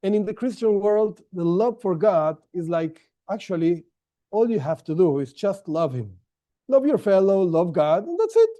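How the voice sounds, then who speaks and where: A man gives a lecture to a class, talking it through conversationally and thinking aloud. His voice sits high yet sounds warm and mellow. He keeps the energy up with rhetorical questions and frequent okays. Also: measured pace. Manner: lively, with frequent restarts and okays. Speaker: teacher.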